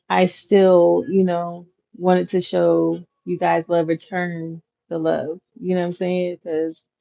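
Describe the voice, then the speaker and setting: Woman, 30s, channel host; unhurried, slightly low voice, casual slang, dull lo-fi recording. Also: gravelly. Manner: chatty, relaxed slang, frequent fillers. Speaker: content creator, channel host. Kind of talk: casual chat to viewers. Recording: dull lo-fi audio. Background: clacking noise.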